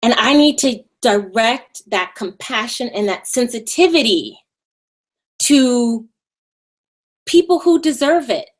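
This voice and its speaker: A woman with a high, bright Valley Girl voice talks to her live-stream viewers. She is sassy and animated and drops mocking asides. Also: takes it slowly. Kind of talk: casual live-stream talk.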